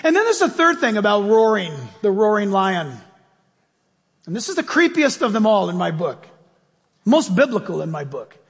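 Animated preacher with a high voice. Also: male voice, moderate pace, husky, in a large hall. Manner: animated storytelling with acted-out voices. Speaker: pastor. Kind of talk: sermon.

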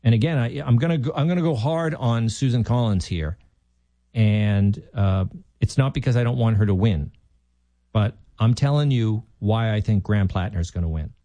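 A man with a mellow, dark voice hosts political talk radio. He argues emphatically and thinks aloud. The sound is dry and close to the mic. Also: fairly low pitch, normal speed, dry recording. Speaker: fill-in radio talk host.

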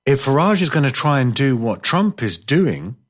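A man's voice: medium pitch, big pitch swings, moderate pace, breathy edge. A man hosting a casual chat show, telling rambling stories with jokey, self-mocking asides and reading out listener messages. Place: indoors, living in coastal Spain.

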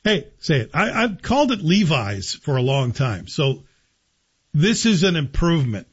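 Sarcastic husky male radio host. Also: on the high side, big pitch swings, normal speed, lo-fi sound. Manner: sarcastic, joking. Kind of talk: radio commentary monologue.

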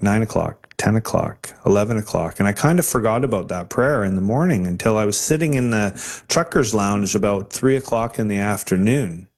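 A man guest telling a personal faith testimony in an earnest, halting way, often restarting his sentences. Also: lowish voice. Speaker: interview guest.

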